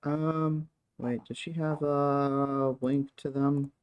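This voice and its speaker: Slow, hesitant woman streamer. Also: a bass voice, little pitch movement, darkish tone, clear, resonant tone. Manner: hesitant, full of ums and trailing thoughts. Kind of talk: casual chat.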